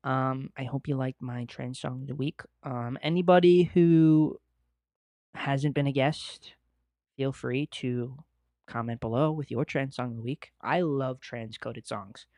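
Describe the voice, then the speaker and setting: Young male podcast host, excitable, swears a lot, dry close mic, mid-pitched. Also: a little slow, no echo. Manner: excitable, profane, gushing. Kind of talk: casual podcast monologue. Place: home studio at a desk.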